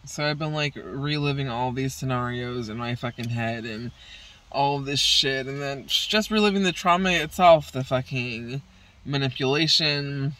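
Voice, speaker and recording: A woman's voice: a bass voice, moderate pace, a bit bright, recorded from a distance, rough recording. A woman venting in a casual vlog, rambling and swearing heavily in an exasperated way. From Southern California. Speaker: vlogger.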